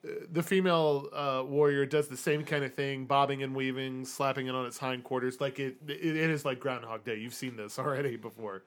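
A man's voice: mid-range voice, steady tone, a little fast, few pauses. A man running a tabletop game as game master, narrating loosely with frequent restarts and laughs.

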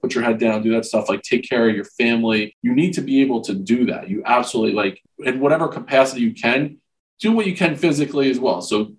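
A man's voice: mid-range voice, low-quality recording. A man in his forties, a podcast guest, talking frankly and earnestly about men's struggles, with casual swearing. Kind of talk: candid conversational interview.

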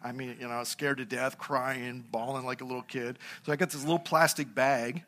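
A man's voice: medium pitch, steady tone, fairly quick, pushed and bright. A middle-aged man, a pastor, preaching a sermon and telling a humorous story from his own life.

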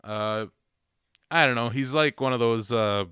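A man's voice: mid-range voice, a little slow, a bit bright, clear, resonant tone, no echo, clean studio sound. A man with an Upper Midwest accent, co-hosting a casual podcast, joking and teasing with frequent laughs. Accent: Upper Midwest American. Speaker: podcast co-host. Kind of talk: casual chat.

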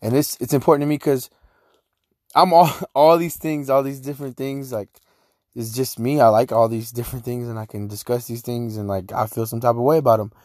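A young man riffing alone on his podcast, loose, slangy and profane, wandering from one thought to the next. His voice sits in an ordinary middle pitch for a man. The sound is close and dry, with no room echo. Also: steady tone, a little fast, darkish tone. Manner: profane, joking, slangy and rambling. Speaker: podcast host. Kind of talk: casual solo podcast monologue.

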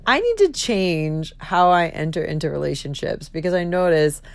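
A woman's voice: deep voice, moderate pace, gravelly, dry recording. Giggly, profane woman in her thirties. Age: 30s. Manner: giggly, expressive, swears freely. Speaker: podcast host. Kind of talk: candid solo podcast monologue.

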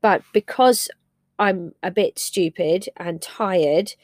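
A woman's voice: fairly low pitch, slow pace, darkish tone, no room sound, studio quality. A middle-aged woman hosting a personal podcast, telling a story about her family in a candid, emotional, reflective way. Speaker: podcast host and parent.

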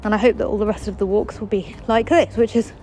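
Out on a footpath, this podcast host talks fast in a steady, medium-pitched, slightly mellow voice. She does a daily walking show, rambling wryly and poking fun at herself, while faint music plays behind on poor audio.

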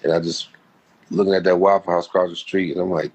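A man's voice: low voice, flat delivery, fast, darkish tone. A man being interviewed as a guest, telling a personal story in a heartfelt, rambling, slangy way. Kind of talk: casual storytelling.

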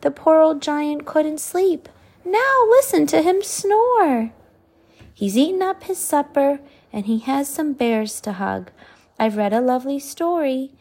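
A woman's voice: high voice, measured pace, vocal fry, breathy edge, voice pushed up, heavily acted. A woman voicing a brave, cheerful young girl princess in a storybook reading. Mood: excited. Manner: bright, excited girlish voice.

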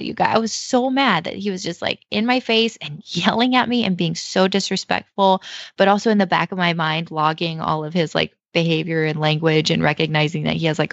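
Low, gravelly-voiced woman telling a story. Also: dry recording. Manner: heavy use of fillers like "like" and "you know"; emotional, animated retelling. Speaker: mother telling a personal story. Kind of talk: casual personal storytelling. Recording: dull lo-fi dry recording.

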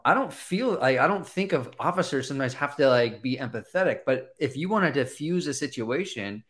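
A man's voice: mid-range voice, lively intonation, a little fast, fairly bright tone. A man giving his thoughts in a casual group discussion, in a reflective manner.

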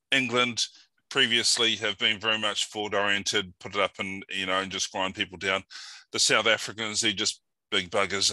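A male host with a low, very bright, forceful voice chats and tells stories easily. The sound is dry and close. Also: no echo, low-quality recording. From New Zealand. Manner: chatty, laughing storyteller. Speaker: interviewer, host. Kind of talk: casual interview chat and anecdote.

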